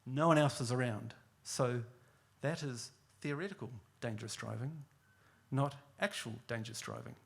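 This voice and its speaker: A man voicing a deliberate defence lawyer questioning witnesses in court. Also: medium pitch, vocal fry, slightly rough. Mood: measured. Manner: measured, questioning, repetitive.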